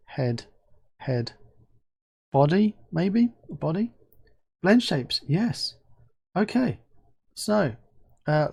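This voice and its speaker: Excitable man chatting through a review. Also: fairly high pitch, vocal fry, slightly rough. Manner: chatty, excitable, thinks aloud. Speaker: game asset reviewer. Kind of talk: casual screen-recorded software review.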